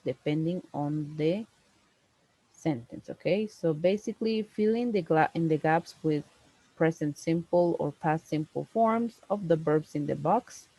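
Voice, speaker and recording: A woman, teaching a one-on-one English lesson over a video call, explaining slowly and stressing key words. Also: low-pitched, warm tone, breathy edge, dry recording, low-quality recording.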